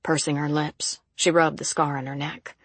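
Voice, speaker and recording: An audiobook narrator reading a thriller in a measured, even storytelling manner. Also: mid-range voice, no echo. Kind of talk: scripted narration.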